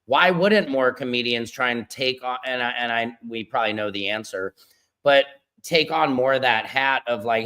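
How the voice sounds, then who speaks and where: A man's voice: medium pitch, moderate pace, pushed and bright, clean tone. A male podcast host on a video call, thinking aloud in a loose, rambling way with many fillers. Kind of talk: casual podcast chat.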